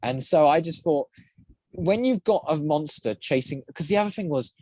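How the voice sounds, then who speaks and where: A man's voice: on the high side, normal speed, dry recording. Rambling man in a dry close recording. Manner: rambling, many restarts, lively. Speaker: guest, voice actor and prop maker. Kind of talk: casual podcast chat.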